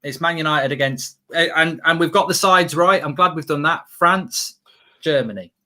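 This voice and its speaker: Man, football stream host, casual chat, brash banter, higher voice, bright. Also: moderate pace. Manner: brash, mock-boastful banter.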